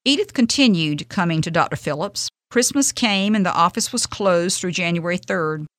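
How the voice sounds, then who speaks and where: A woman hosting a radio devotional, reading a faith story in an earnest, gentle, measured way. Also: fairly low pitch, animated, no echo.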